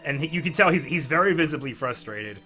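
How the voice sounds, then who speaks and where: A man's voice: fairly high pitch, expressive, sharp tone, breathy edge, faint music behind. A man running a tabletop game as game master, voicing an irritated handler and laughing often. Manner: quick to laugh, swears.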